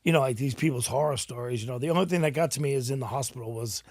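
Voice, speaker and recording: A middle-aged man from New England, telling his story in a casual interview, animated and swearing freely. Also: medium pitch, rapid-fire, dry recording, clean studio sound.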